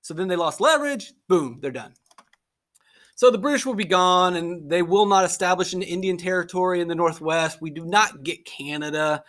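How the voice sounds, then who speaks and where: Animated high-voiced teacher. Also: male voice, moderate pace. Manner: animated, acts out quoted voices. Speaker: history teacher. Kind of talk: casual lecture.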